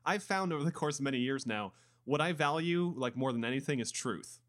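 A man's voice: mid-range voice, brisk. A man co-hosting a casual podcast chat, emphatic and acting out little quotes as he talks. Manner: animated and emphatic, acts out quotes. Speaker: podcast co-host.

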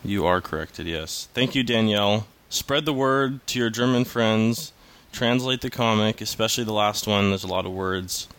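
A man's voice: fairly low pitch, normal speed, a bit bright, no room sound. A man co-hosting a podcast, chatting casually and teasing his partner in a dry way. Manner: dry, teasing, laughs often. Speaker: podcast co-host. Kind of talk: casual chat.

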